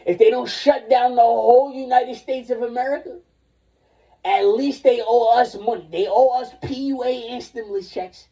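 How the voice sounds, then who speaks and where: A man's voice: very high-pitched, normal speed, mellow, recorded from a distance, highs cut off. A man in his forties ranting in a rambling, profane way on a livestream, jumping between topics. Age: 40s.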